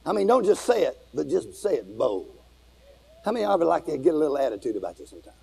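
A man preaching a fiery revival sermon to a congregation, shouting and calling for responses. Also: fairly high pitch, very animated, fast talker, creaky, slightly rough, poor audio. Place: church with congregation.

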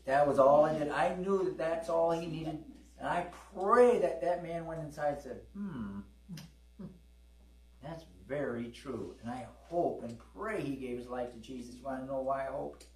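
A middle-aged preacher delivers a storytelling sermon during a church service, speaking conversationally, acting out dialogue, and asking for amens. His voice runs on the high side at normal speed, captured from a distance in a roomy space.

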